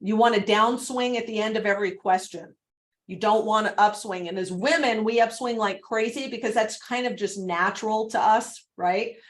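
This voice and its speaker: A woman coaching on a video call, chatty and animated, laughing often as she talks. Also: medium pitch, moderate pace. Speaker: real estate prospecting coach.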